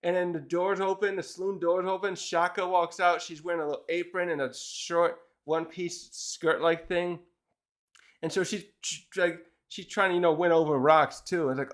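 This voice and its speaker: A man's voice: high-pitched, moderate pace, a bit bright. A man casually reviewing a manga chapter, retelling it in a rambling way with many restarts.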